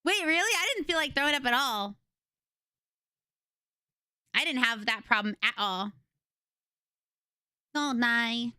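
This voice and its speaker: High, bright-voiced young woman streamer. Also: takes it slowly, long pauses, clear, resonant tone, no room sound, clean studio sound. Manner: excitable, giggly, chatty storytelling. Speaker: livestreamer. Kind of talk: casual chat with a live audience. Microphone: desk microphone.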